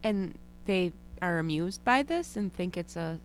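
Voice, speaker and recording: A woman in an interview, speaking in a measured way and asking follow-up questions. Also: fairly low pitch, lively intonation, slight background noise. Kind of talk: conversational interview.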